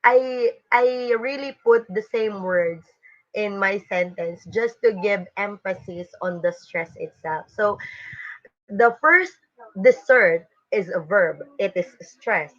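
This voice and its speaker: A woman's voice: mid-range voice, takes it slowly, a bit bright. A woman teacher, giving an online webinar lecture in an explanatory way with frequent fillers and restarts. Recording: dull lo-fi webinar audio.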